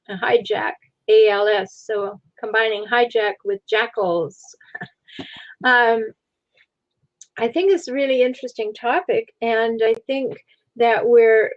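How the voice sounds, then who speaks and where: A woman's voice: on the high side, no room sound, lo-fi sound. A woman hosting a discussion in a chatty, wry manner, often laughing. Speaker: host. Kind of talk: casual discussion.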